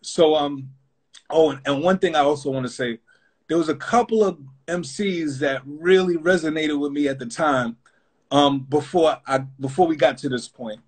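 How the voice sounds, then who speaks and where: A rapper appearing as an interview guest tells a story in a slightly high voice at normal speed, with slightly rough audio. His delivery is loose, rambling and casual, packed with fillers like "you know what I'm saying."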